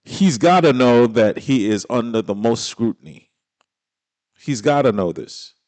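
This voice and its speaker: A man's voice: mid-range voice, darkish tone, no echo. A man giving casual reaction commentary on a clip, blunt, exasperated and slangy, swearing freely.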